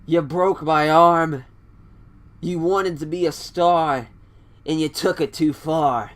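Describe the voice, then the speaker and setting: A man's voice: fairly high pitch, steady tone, takes it slowly, voice pushed up. Man doing a furious wrestling executive woman. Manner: shouting angry accusations.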